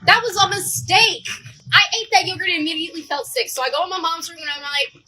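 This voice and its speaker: A woman telling an animated, slangy school story straight to her viewers. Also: extremely high pitch, fast, poor audio. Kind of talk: casual storytime.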